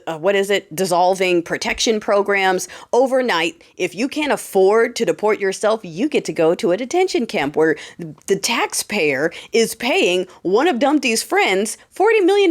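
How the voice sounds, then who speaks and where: A woman with a lilt hosts a solo podcast. She talks in a sassy, sarcastic way, swinging between wry asides and pointed mockery, and calls her listeners "darling." Her voice sits at an ordinary pitch for a woman. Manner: sassy, animated, sarcastic, mocking quoted voices. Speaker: podcast host. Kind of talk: casual political commentary monologue.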